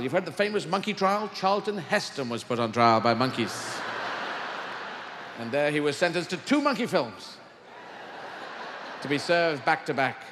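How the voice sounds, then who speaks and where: A man's voice: a little high, noisy background. A male comedian doing live stand-up on a large arena stage, rambling and surreal in his delivery. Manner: rambling, surreal, animated, sweary. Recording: roomy arena with audience laughter.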